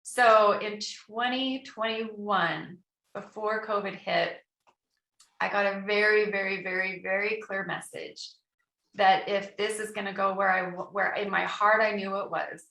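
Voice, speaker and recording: A middle-aged woman, a guest entrepreneur, telling a personal story in an interview, animated and quoting her own thoughts aloud. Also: medium pitch, a little slow, creaky. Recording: echoey room.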